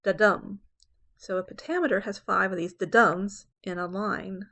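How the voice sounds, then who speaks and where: A woman teaching poetry in an explanatory lecture voice. She checks in with her listeners as she goes and slows right down to read lines of verse with weight. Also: mid-range voice, pushed and bright. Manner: explanatory, reads verse slowly and dramatically. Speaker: English professor.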